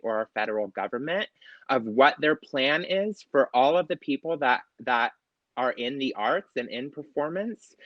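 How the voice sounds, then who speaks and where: Halting, emotional drag performer man. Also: mid-range voice, fairly bright tone, dry recording, lo-fi sound. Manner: halting, many fillers, emotional. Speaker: drag performer and guest asking a question. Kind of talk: earnest personal question.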